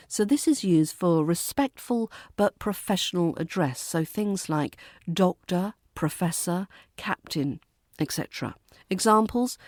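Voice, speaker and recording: A woman with a British accent, hosting a podcast lesson and teaching pronunciation with clear, careful delivery. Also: lowish voice, darkish tone, dry recording, clean studio sound. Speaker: accent coach and podcast host. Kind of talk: spoken English lesson.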